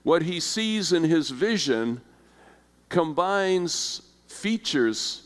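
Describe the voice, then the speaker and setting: An older man teaches a Bible class in a conversational way. He keeps checking in with his listeners and asking them questions. His voice sits a little high, and it rings out with a long echo in a lecture hall. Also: lively intonation, drawn-out words. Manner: conversational, asks the audience questions. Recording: hall reverb.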